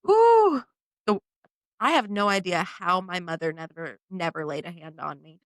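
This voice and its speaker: A woman chats on a podcast, her pitch leaping high and low as she acts out people in her stories. The sound is dry and close, with no room around her. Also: normal speed, dry recording. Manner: animated storyteller, acts out quoted voices. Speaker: podcast co-host. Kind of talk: casual chat.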